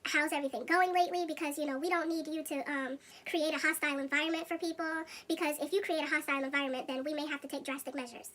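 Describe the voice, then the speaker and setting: A woman putting on a high, patronizing lady boss. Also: steady tone. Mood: falsely concerned. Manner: soft, halting, full of "you know" and "um". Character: calm woman supervisor, patronizing and concerned.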